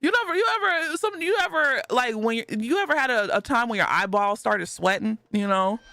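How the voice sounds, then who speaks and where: A woman's voice: a little high, lively intonation, a little fast, pushed and bright. A woman streaming live and reading chat messages aloud, talking in a casual way and laughing often.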